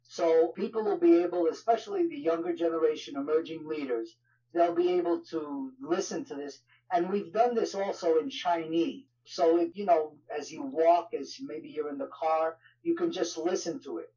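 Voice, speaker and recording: This interview guest, a ministry leader from New York by his accent, speaks at a moderate pace in a warm, slightly high voice. His talk is loose and conversational, peppered with "you know," and the recording sounds dull and lo-fi.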